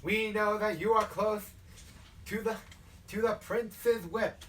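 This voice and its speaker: A man's voice: sits high, steady tone, takes it slowly, fairly bright tone. A man voicing a zealous male vampire preacher with a Southern accent, preaching hellfire and brimstone, recorded from a distant mic. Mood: commanding. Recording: distant mic, faint noise.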